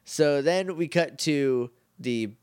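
A man's voice: on the high side, slow, smooth, no echo, clean studio sound. A man co-hosting a podcast, casually recapping a TV episode and acting out the characters' lines with jokes. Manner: animated, jokey, acts out characters' lines. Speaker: podcast co-host. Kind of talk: casual chat recapping a show.

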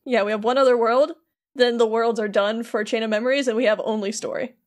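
A woman co-hosting a casual podcast, retelling game scenes with quick paraphrased voices for the characters. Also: a little high, steady tone. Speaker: podcast co-host.

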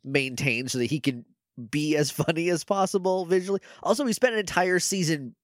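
A man's voice: a little high, fairly quick, dry recording, studio quality. A man co-hosting a podcast, chatting casually over a video call, rambling with lots of fillers and frequent laughs. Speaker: podcast co-host. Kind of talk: casual chat. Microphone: remote video-call mic.

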